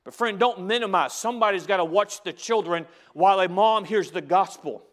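A man with a high voice preaches a sermon in a church. He drops into soft, close asides, then climbs back up to loud, driving emphasis, stacking repeated phrases as he goes. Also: brisk. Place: church sanctuary.

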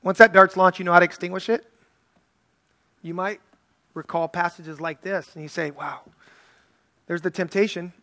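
A man's voice: high voice, fairly even intonation, moderate pace, pauses often, bright, forceful tone, no echo. A male pastor preaching an earnest, conversational sermon and reading scripture aloud.

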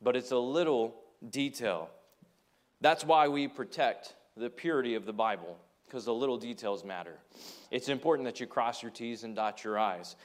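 A man's voice: mid-range voice, normal speed. A man preaching a sermon in earnest, telling stories and acting out quotes from his listeners. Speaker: pastor.

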